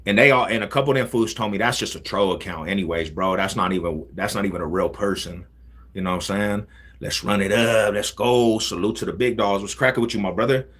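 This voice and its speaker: A man hosting a casual livestream, talking in animated street slang. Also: lowish voice, fairly quick. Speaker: livestream host.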